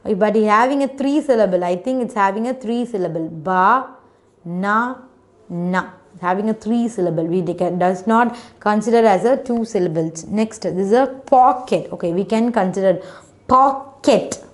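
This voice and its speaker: Her voice is medium in pitch and slightly mellow, moving at an ordinary speed. She's a teacher leading children through an online phonics class, patiently sounding out syllables and letters, repeating often and tossing in plenty of "okay"s.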